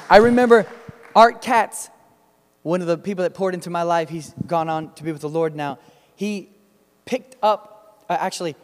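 Preacher, male, high voice, emphatic storyteller, long hall reverb. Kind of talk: sermon with storytelling.

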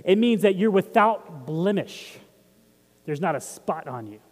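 A man's voice: high-pitched, expressive, measured pace, big-room sound. A man preaching a sermon as pastor, talking in a conversational way and putting questions to the congregation. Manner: conversational, asks the audience questions.

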